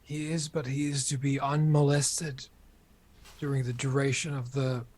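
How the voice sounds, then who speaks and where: Formal male player, flat even voice. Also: medium pitch. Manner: formal, measured speech. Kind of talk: in-character role-play.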